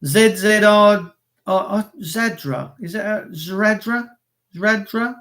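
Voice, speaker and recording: An Englishman with a high-pitched voice rants angrily on a live stream, swearing and stammering as he goes. He stumbles over his words and reads viewers' comments aloud between tirades. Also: takes it slowly, a bit bright. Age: adult with children. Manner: angry, profane, stammering rant. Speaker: livestreamer reading chat.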